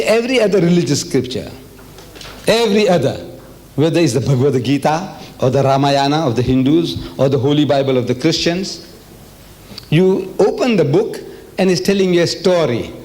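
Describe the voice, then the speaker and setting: Older man, from South Africa, lecture, animated, emphatic, rather high voice. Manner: emphatic, animated storytelling with questions to the audience. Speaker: religious lecturer. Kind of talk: public lecture.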